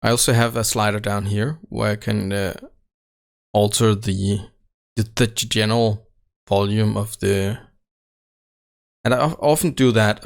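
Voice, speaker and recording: A man with a lowish, creaky voice talks through his recording setup at an unhurried pace. He speaks close into a desk microphone in an untreated home room, often pausing on fillers and correcting himself mid-sentence. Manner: halting, many fillers and self-corrections. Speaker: tech channel host. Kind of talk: casual how-to walkthrough. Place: home room without sound treatment. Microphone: close desk microphone right at his face.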